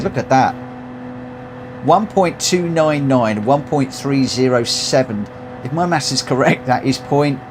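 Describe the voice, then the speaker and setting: A man live-streaming a racing game, tired, chatting excitedly through races and reading out the results. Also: medium pitch, noisy background. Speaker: live-stream host and sim racer. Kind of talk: live gameplay commentary.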